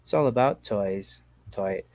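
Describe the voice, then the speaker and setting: A man hosting a casual call-in chat show, talking in a relaxed, slangy, rambling way. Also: lowish voice, measured pace, no room sound. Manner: laid-back, slangy, rambling. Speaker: podcast host.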